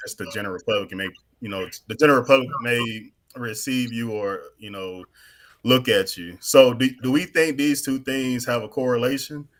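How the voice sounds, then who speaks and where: A man hosting a casual discussion who sets out the topic and asks the others what they think. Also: mid-range voice. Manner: measured, poses questions to the group.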